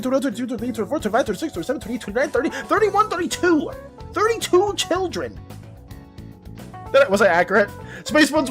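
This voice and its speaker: A woman art streamer chatting casually on a live stream, excitable, laughing often and swearing. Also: high voice.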